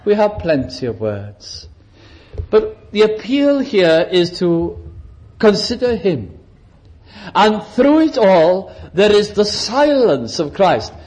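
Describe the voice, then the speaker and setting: A man's voice: high-pitched, darkish tone, low-quality recording. A man preaching a sermon, dramatic, shifting his pace and acting out quotes for emphasis.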